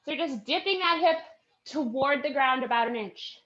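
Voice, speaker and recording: A woman's voice: sits high, expressive, moderate pace, a bit bright, roomy sound, highs cut off. A woman leading a live workout class, counting reps and cheering her team on while out of breath. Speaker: fitness instructor.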